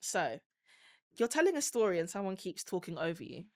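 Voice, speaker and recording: A woman from Colombia hosting a casual podcast chat, animated and laughing, getting loud when worked up. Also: fairly low pitch, a little fast, no echo, clean studio sound. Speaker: podcast host.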